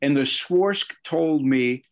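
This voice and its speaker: A middle-aged man from the area, a sportscaster telling personal stories in an interview, animated and full of asides. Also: on the high side, takes it slowly. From Chicago area, Illinois. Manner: animated, anecdotal, with fillers and self-corrections. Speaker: sportscaster guest.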